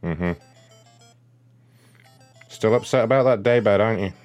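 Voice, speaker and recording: A man's voice: on the low side, unhurried, a little mellow, faint music behind. A man making a prank call as a rude customer service agent, insulting and taunting the customer in a smug way.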